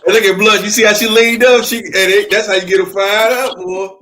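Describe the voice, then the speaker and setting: A man's voice: high-pitched, fairly even intonation, brisk, bright, forceful tone. A man co-hosting a casual podcast, easygoing and hesitant as he starts a story. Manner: easygoing, hesitant with fillers, laughs along. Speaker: guest co-host.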